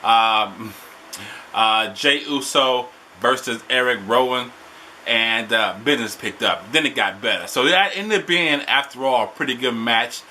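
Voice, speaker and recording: Hyped slangy dude recapping wrestling, bright voice, faint hiss behind. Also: male voice, mid-range voice, unhurried. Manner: animated, slangy, excitable. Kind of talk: casual recap vlog.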